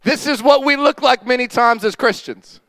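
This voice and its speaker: A man preaching a sermon as pastor, telling a story with acted-out dialogue and dropping to a quiet voice for emphasis. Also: very high-pitched, normal speed, no room sound. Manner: animated storytelling, acting out dialogue.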